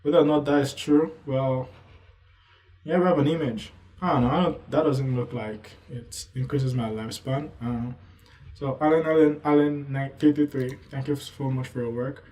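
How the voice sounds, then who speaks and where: A man's voice: medium pitch, fairly even intonation, moderate pace, mellow, reverberant, far from the mic, rough recording. A man giving casual commentary as a manga reviewer, rambling loosely with lots of asides. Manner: rambling, loose, full of "you know" asides.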